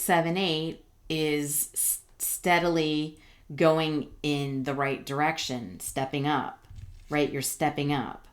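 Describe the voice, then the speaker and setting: A woman's voice: sits low, slight background noise. A middle-aged woman giving a casual tarot reading, rambling and reassuring with many fillers and restarts. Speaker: tarot reader.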